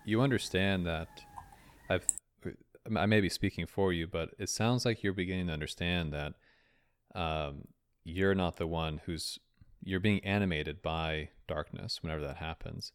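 A man's voice: deep voice, moderate pace, smooth, no room sound, studio quality. A man hosting a casual podcast chat, teasing his guest and laughing often. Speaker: podcast host.

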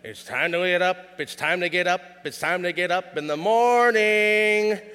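A man voicing his old grandfather singing a drawn-out wake-up song, in a reverberant hall. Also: sits high, pushed and bright, smooth, pitched above the performer's own voice.

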